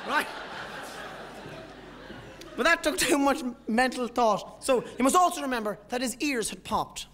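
Irish guy doing stand-up, rambly stories, higher voice for a man. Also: animated, measured pace, a crowd in the background, background noise. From Ireland. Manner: rambling, self-interrupting storytelling. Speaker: stand-up comedian. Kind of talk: live stand-up comedy. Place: stage in a live comedy venue.

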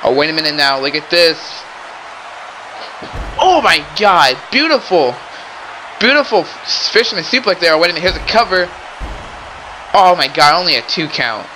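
A young man doing excitable play-by-play wrestling commentary, often exclaiming and addressing the audience. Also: fairly high pitch, moderate pace, long pauses, a little hiss or hum, poor audio. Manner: excitable, keeps exclaiming and saying ladies and gentlemen.

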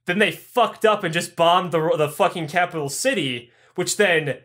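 Profane male podcast host, slightly high voice, rambling comic history. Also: normal speed, a bit bright. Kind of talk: irreverent comedic history retelling.

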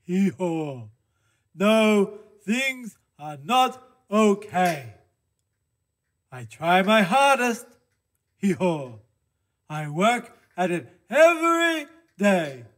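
A man's voice: high-pitched, big pitch swings, drawn-out words, a bit bright, exaggerated voice. Man doing a braying donkey puppet. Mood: glum. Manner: punctuates speech with hee-haw brays. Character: glum male donkey puppet, earnest, brays. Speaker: kids' time puppet character.

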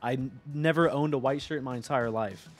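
A young man chatting on a live stream, rambling excitedly, swearing and talking to his chat. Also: medium pitch, a little fast, over music.

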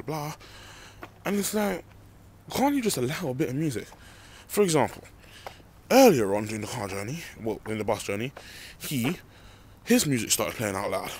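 A man's voice: mid-range voice, a little hiss or hum. A young man, rambling and ranting animatedly to a handheld phone while walking home outdoors at night. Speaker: vlogger. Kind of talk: late-night rant to camera. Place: outdoors at night, walking through a car park.

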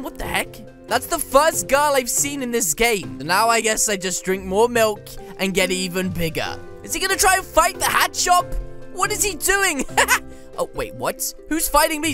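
A woman giving excited gameplay commentary as a gaming YouTuber, with playful mock trash talk. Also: high-pitched.

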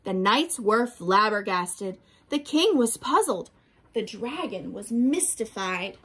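A woman reading a children's picture book aloud as a teacher, slow and expressive, pausing to ask her listeners questions. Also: medium pitch, husky.

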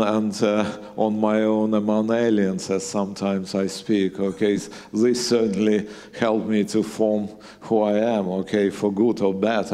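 A middle-aged man from Russia with a Russian accent, a guest scientist talking on stage in a halting way, full of fillers and restarts, with dry humour. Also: lowish voice, warm tone. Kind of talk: live on-stage conversation. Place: museum event hall, live audience. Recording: long reverb of a large hall.

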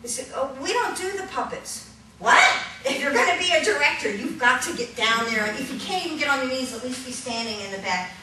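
A woman leading a hands-on puppetry workshop, energetic and upbeat, laughing often and counting the group along. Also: high voice, fast. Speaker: puppetry instructor. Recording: echoey room from a distance, noisy.

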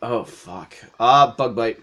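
Giggly, foul-mouthed young gaming host. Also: male voice, mid-range voice, slow pace, highs cut off. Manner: loud, giggly and swearing freely. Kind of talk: casual let's-play commentary.

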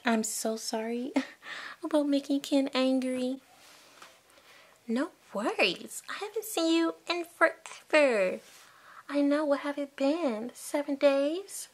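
A woman's voice: high voice, slow pace. A woman voicing a sweet, gushing young woman doll who is visiting her best friend, in a toy play video.

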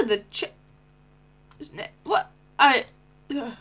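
A teenage girl giving casual, excitable commentary on her Minecraft gameplay, often squealing and shouting with delight. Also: high-pitched, takes it slowly. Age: teens. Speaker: Minecraft YouTuber.

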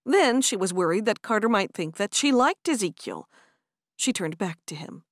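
Expressive woman narrating an audiobook. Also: mid-range voice, moderate pace, no room sound, clean studio sound. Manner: expressive storytelling. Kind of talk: scripted narration.

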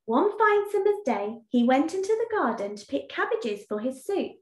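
Expressive, high-voiced woman teacher reading aloud. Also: normal speed. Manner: expressive and sing-song. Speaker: primary school teacher. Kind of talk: reading a storybook aloud in an online lesson. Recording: echoey room.

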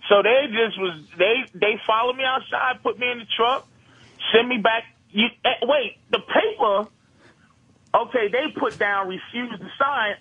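A man guesting on a radio talk show by phone, telling a comic story in an animated, profane way and laughing through it. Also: extremely high pitch, unhurried, slightly rough, narrow, tinny audio. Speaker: comedian guest calling in.

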